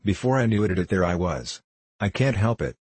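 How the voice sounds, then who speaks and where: A man doing a huge slow stammering man. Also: on the low side, very animated, a little mellow, slightly rough, no echo, exaggerated voice. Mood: pleading. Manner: halting, repeats himself.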